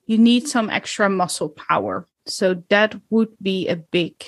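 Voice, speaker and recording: Woman, game master, tabletop narration, hesitant pauses, dry close sound. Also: mid-range voice, dry recording. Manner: unhurried, descriptive, with hesitations.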